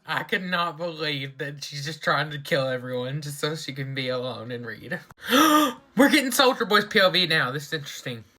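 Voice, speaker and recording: Excitable reaction vlogger talking over a show, bright punchy voice, middle pitch. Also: normal speed. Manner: excitable, gasps and shouts at surprises, keeps saying she's worried. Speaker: TV reaction reviewer. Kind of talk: casual episode reaction commentary.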